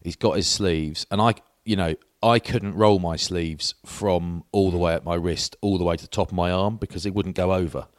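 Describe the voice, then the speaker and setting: A man co-hosting a podcast, telling a lively anecdote in casual chat and mimicking the people in it. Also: low voice, moderate pace, hardly any pauses, dry recording, studio quality. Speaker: podcast co-host.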